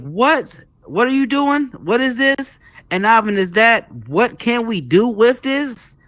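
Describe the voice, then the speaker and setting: Lively man hosting a live show, dry sound. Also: on the high side, dry recording. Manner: animated, repetitive, preacher-like emphasis, calls the audience "folks". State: a little out of breath. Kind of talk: casual live show monologue.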